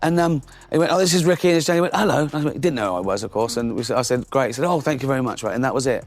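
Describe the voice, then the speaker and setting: A man's voice: mid-range voice, rapid-fire. A middle-aged man chatting as a talk show guest, telling cheeky, laughing stories and often restarting his sentences. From England. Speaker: comedian guest. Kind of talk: talk show chat and anecdote.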